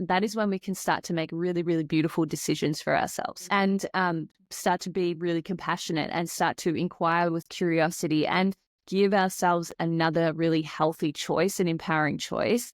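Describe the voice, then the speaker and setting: A woman's voice: lowish voice, no room sound. Host: woman, anxiety coach, reflective flowing talker, dry close sound. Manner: reflective, flowing, with frequent "like" and "right?". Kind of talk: casual conversational interview.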